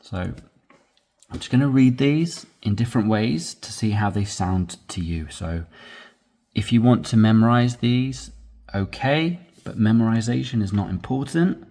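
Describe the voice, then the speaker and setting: A man's voice: lowish voice, lively intonation, unhurried, dark tone. A man teaching an English conversation lesson, explaining in a patient, encouraging way.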